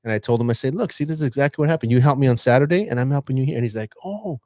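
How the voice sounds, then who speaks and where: A man's voice: mid-range voice, racing, no room sound. A man who teaches, telling a story on a casual podcast and acting out his student's lines. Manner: animated, acts out a student's lines.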